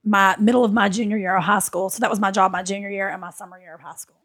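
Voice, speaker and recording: A middle-aged woman with a Southern accent tells stories in a chatty, self-deprecating way. Her voice sits at an ordinary pitch. The sound is close and dry, with no room around it. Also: steady tone, fast talker, fairly bright tone, husky, no echo. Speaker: comedian. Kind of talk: casual podcast chat.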